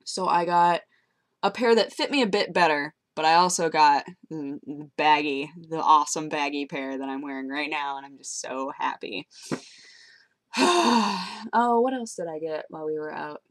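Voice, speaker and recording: A woman's voice: sits low, normal speed. Chatty young woman rambling to a webcam. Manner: chatty, rambling, self-mocking, with many fillers and laughs. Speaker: vlogger. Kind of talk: casual webcam vlog chat. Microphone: webcam mic.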